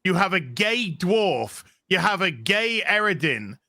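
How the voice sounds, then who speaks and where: A man's voice: high-pitched, big pitch swings, a little slow, sharp tone, no echo, clean studio sound. A man co-hosting a casual podcast chat, ranting sarcastically and swearing often. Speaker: show co-host.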